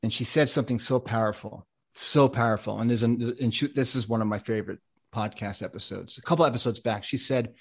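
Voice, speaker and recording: An American man chatting as a guest on a podcast. He rambles and restarts his sentences, and he sounds eager and heartfelt. His voice sits at an ordinary middle pitch for a man. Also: fairly quick, slightly rough. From United States. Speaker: podcast guest, ADHD coach. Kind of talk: casual interview chat.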